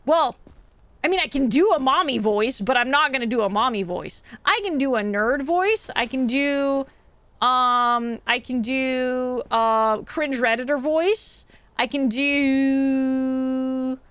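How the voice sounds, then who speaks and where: A woman streamer with a high voice chats and laughs with her viewers while she plays a game. Her voice is close and dry, with no room echo. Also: slow, a bit bright, clean tone. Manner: chatty, laughs often, talks to chat. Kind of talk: casual live-stream chat.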